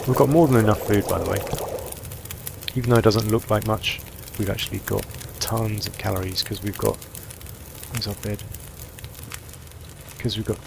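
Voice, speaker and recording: A man giving relaxed let's-play commentary, thinking aloud as he sorts through supplies and plans his next move. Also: fairly low pitch, creaky, noisy background. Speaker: gameplay commentator.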